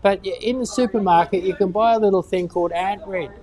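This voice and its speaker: Mellow-voiced woman gardening expert. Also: mid-range voice, quick pace. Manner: rambling, repeats words while thinking. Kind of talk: casual Q&A chat.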